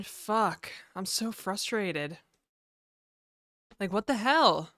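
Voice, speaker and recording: A woman's voice: mid-range voice, expressive, a little slow, a bit bright, no echo, clean studio sound. A woman streamer chatting casually to her viewers live, venting and swearing a lot.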